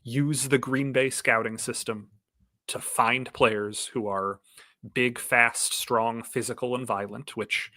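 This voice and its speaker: A man who is a sports reporter, talking casually with wry, deadpan humor. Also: mid-range voice, takes it slowly, dry recording.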